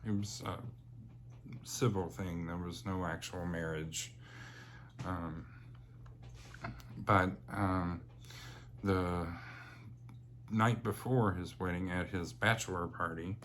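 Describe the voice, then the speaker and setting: Slow, deep-voiced man telling stories. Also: steady tone, a bit bright, slight background noise. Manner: chatty and rambling, many fillers, laughs while telling. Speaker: vlogger. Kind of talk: casual personal storytelling.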